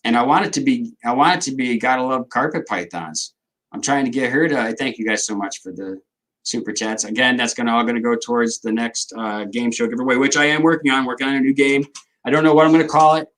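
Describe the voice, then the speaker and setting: A middle-aged man with a drawl hosts a casual livestream, his voice sitting at an ordinary middle pitch. He rambles, jokes and replies to viewers' comments as they come in. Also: fast talker, a bit bright, rough recording. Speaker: livestream host.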